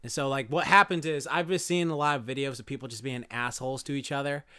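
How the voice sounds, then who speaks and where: A man co-hosting a comedy podcast, telling stories loudly with lots of laughing and swearing. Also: mid-range voice, quick pace, smooth, dry recording. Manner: loud, laughing, swearing, animated storytelling. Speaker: podcast co-host. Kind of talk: casual comedic chat.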